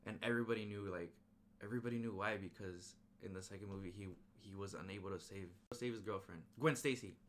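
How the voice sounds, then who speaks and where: A man recapping a movie in a casual, excited way, full of slang and scene-by-scene sound effects. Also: fairly low pitch, quick pace, a little hiss or hum. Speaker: movie reviewer.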